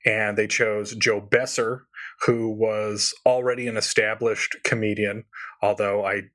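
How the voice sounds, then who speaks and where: Guy cohosting a chat podcast, bright voice, lots of laughs and tangents. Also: lowish voice. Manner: animated, laughs often, quick asides. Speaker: podcast co-host. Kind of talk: casual chat.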